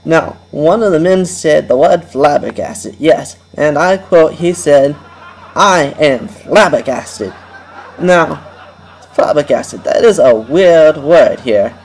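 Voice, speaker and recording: A man's voice: fairly high pitch, a little slow, few pauses, a little mellow, rough recording. A man hosting a homemade comedy radio show, rambling and goofy and laughing at his own jokes. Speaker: host.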